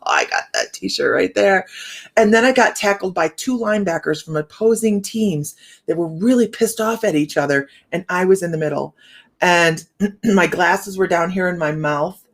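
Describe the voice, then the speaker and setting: A middle-aged woman hosting a live stream, chatting and telling a story with many fillers and restarts, her words a little slurred from a sore jaw. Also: lowish voice. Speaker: psychic livestream host. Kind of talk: casual live-stream chat.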